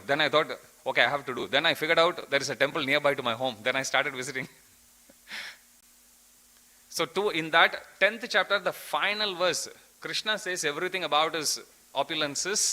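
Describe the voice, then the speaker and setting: A man's voice: on the high side, sharp tone, poor audio. A man giving an earnest devotional scripture class, telling a story and quoting verses.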